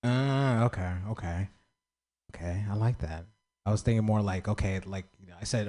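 A man's voice: fairly low pitch, moderate pace, mellow. A man doing open mic stand-up, stammering and pleading with the crowd for suggestions. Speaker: stand-up comedian.

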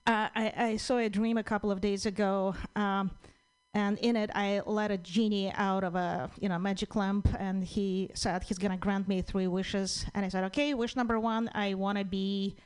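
At an open mic, a woman comedian whose native language is Russian delivers a deadpan stand-up set in a Russian-Ukrainian accent, full of pauses and ums. Her voice is mid-range and smooth, though the audio quality is poor.

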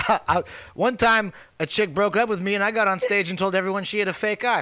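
A man telling crude, animated comic stories on a podcast. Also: high voice, moderate pace, pauses often, a little hiss or hum. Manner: brash, profane, animated. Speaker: podcast co-host, comedian. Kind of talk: crude comedic storytelling.

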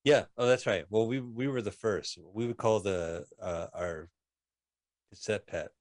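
Low-voiced man, dry close sound. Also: unhurried, darkish tone, dry recording. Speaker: radio co-host. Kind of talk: casual movie commentary chat.

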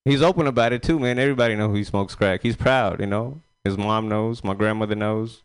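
A man's voice: fairly low pitch, a little fast, clear, resonant tone. A man performing a loose, rambling stand-up set on a comedy club stage. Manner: loose, rambling delivery with frequent fillers. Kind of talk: stand-up set at an open mic.

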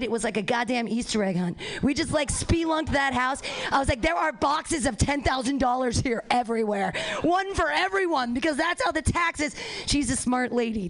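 A woman doing a rambling, profane stand-up comedy set, laughing at her own jokes in front of a live audience. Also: fairly high pitch. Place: small live venue with an audience.

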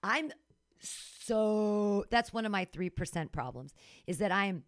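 A woman's voice: medium pitch, animated, slow pace, dry recording, studio quality. A woman telling an emotional story in casual podcast chat, dramatic and full of restarts.

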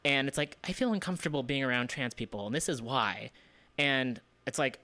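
A man's voice: mid-range voice, fairly quick, bright, forceful tone, no room sound. A man hosting a community radio show, running through news items in a loose, casual way, with asides and restarts. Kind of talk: casual news roundup and commentary.

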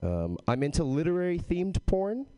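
A young man from Texas doing a halting, deadpan stand-up set full of ums and uhs. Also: a little high, clear, resonant tone. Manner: halting, filler-heavy deadpan delivery. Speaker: stand-up comic.

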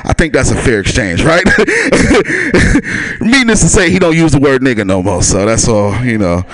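Another loose stand-up set at a small club has the comic laughing at his own material and addressing the audience directly. He speaks unhurriedly in a mid-range, fairly bright voice with huge pitch swings and no echo.

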